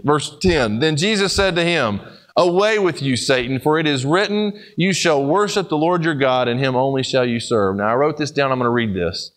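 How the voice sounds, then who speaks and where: A man preaching a sermon, telling stories and swinging between emphatic and hushed delivery. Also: medium pitch, lively intonation, moderate pace.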